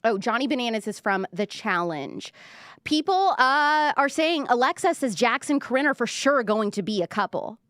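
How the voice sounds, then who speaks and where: A woman's voice: fairly high pitch, lively intonation, normal speed, hardly any pauses, fairly bright tone, dry recording, clean studio sound. A young woman hosting a casual pop-culture livestream, chatty and gossipy, full of "like" and reading viewer comments aloud. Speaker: livestream show host.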